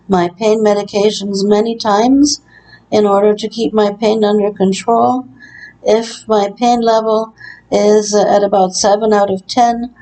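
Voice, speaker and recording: Brief: bedbound woman recording a testimony in her care-home room, mellow tone, earnest and aggrieved, halting delivery. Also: medium pitch, poor audio. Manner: earnest, aggrieved, hesitant with frequent uh. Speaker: long-term care resident. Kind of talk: personal testimony vlog.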